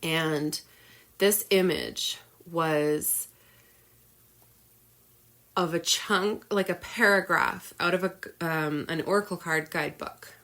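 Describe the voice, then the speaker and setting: A woman's voice: lowish voice, slow, pauses often, a bit bright. A woman podcast host candidly retelling a personal story in an emotional monologue, with many fillers.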